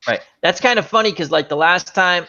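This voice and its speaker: A man hosting a casual chat show, rambling from joke to joke with quick asides. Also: sits high, sharp tone, muffled recording. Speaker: host.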